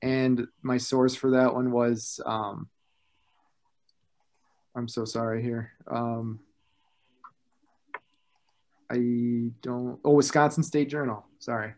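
A man's voice: medium pitch, steady tone, slow pace, darkish tone. A man talking as a student in a casual class discussion, hesitant and apologetic, with many fillers.

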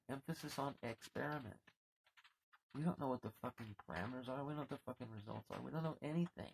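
Gravelly man ranting with heat. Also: medium pitch, fast talker, a little hiss or hum, rough recording. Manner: heated, swearing, repeating words when worked up. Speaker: vlogger. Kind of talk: angry profane rant to camera. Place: on a boat at anchor.

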